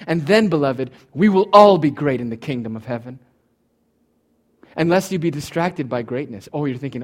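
A man preaching from the pulpit, his voice pitched a little higher than most men's. He swings from loud, emphatic declarations down to quiet, low asides, and now and then slips into voicing his listeners' imagined thoughts. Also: moderate pace. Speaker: pastor. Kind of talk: sermon.

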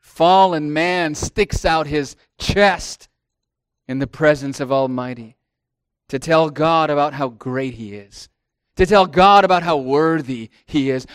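A middle-aged man preaching a sermon as pastor, swelling into emphatic lines and then dropping to hushed asides. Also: on the high side, slow pace, clear, resonant tone, no room sound, clean studio sound.

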